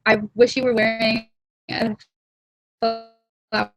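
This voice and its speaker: A woman's voice: fairly high pitch, flat delivery, slow, a bit bright, low-quality recording. Young woman host, loose rambling livestream chat, giggly asides, mumbled trail-offs, laptop mic. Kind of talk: casual chat while drawing. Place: warm room at home.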